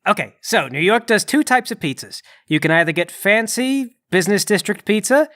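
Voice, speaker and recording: A man's voice: high voice, animated, normal speed, a bit bright. Wry, rambling man playing a tabletop game. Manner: rambling, wry, self-deprecating. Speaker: player. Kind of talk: comedic tabletop role-play chat.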